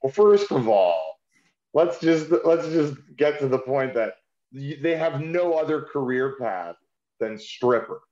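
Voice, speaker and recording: Podcast co-host, adult man, mid voice, relaxed and wry, slightly muffled lo-fi mic. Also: mid-range voice, measured pace. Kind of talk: casual chat. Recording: slightly dull sound.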